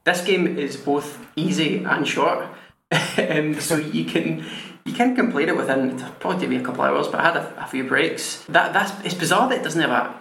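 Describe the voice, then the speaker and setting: Gravelly Scottish man in an echoey room. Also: a little high, normal speed, fairly bright tone. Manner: rambling, restarts sentences, laughs often. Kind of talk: casual chat. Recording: echoey room with faint noise.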